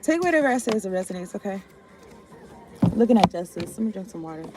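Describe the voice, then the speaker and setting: A woman's voice: medium pitch, sing-song, quick pace, over loud music. A woman giving a loose, rambling tarot reading, swearing and often trailing off. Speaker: tarot reader.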